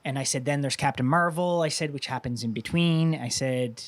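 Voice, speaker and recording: A man's voice: mid-range voice, normal speed, dry recording. A man co-hosting a casual talk show, rambling through a long story and acting out quotes with a raised voice. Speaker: podcast co-host. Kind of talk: casual chat.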